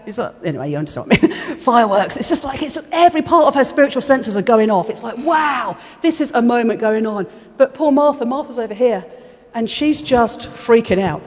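A woman preaching a sermon, telling the story in an animated way, with repeated words and frequent laughter. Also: fairly high pitch, fairly quick. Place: church hall. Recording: echoey church hall.

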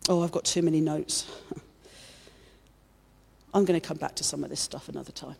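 A woman's voice: deep voice, steady tone, unhurried, gravelly, darkish tone, husky. A woman preaching a sermon in church, fervent and repeating her phrases as she builds.

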